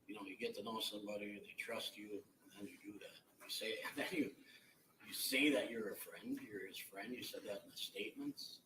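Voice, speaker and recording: A middle-aged man speaks bluntly and haltingly, his voice bright and forceful. It sounds like it comes from a courtroom microphone, with echo around it and some distance from the mic. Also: lowish voice, slight background noise. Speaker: victim's relative giving impact statement. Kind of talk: courtroom victim impact statement. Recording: echoey courtroom audio from far off.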